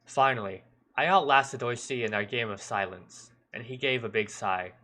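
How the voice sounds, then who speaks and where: A man with a bright, sharp timbre reads a story aloud in measured first-person narration. He now and then stumbles and corrects himself. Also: medium pitch. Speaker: streamer. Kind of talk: reading a visual novel aloud.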